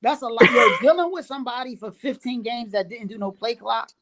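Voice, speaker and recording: A man, a referee guest on a casual podcast, telling stories in an animated, exasperated way and laughing through them. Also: extremely high pitch, brisk. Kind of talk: casual storytelling chat.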